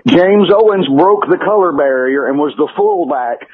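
Fast-talking Southern man on a tinny line. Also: fairly high pitch, animated, breathy edge. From Alabama. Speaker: guest comedian. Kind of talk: radio talk show interview. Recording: tinny phone-like radio audio.

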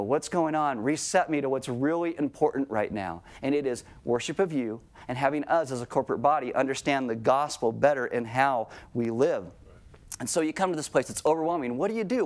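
Animated male pastor preaching. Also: on the high side. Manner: conversational, animated, acts out quoted voices. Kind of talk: sermon. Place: church sanctuary.

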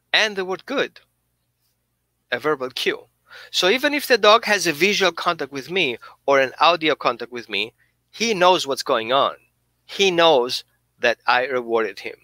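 Animated man explaining dog training. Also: on the high side, no echo. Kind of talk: instructional talk.

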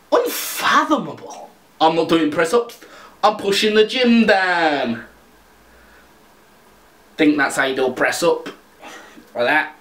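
A man's voice: fairly high pitch, pushed and bright, roomy sound. A man ranting in a comedic vlog, sweary and sarcastic. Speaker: vlogger.

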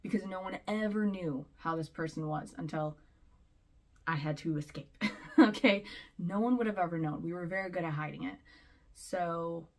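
Woman vlogger, lowish voice, casual rambling commentary, chatty. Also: normal speed. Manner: rambling, chatty, laughs between points.

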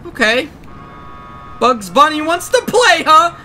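A young man giving excitable gameplay commentary, often shouting and laughing as he plays. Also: very high voice, slow pace. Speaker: gaming YouTuber.

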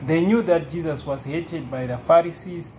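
A woman's voice: sits low, normal speed, dark tone, slight background noise. A woman reading quotations aloud at a Bible study, then asking the group questions.

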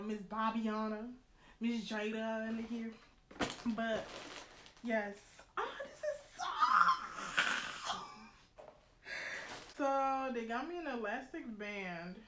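A young woman vlogger chatting excitedly to her viewers, slangy, and quick to laugh. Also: a little high. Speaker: beauty vlogger. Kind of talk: casual unboxing chat to viewers. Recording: roomy echo, faint noise.

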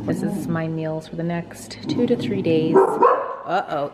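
A woman's voice: sits low, very noisy. A woman in her forties, a mother, chatting casually and upbeat as she films a family vlog at home on a phone. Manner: chatty, upbeat, fast asides.

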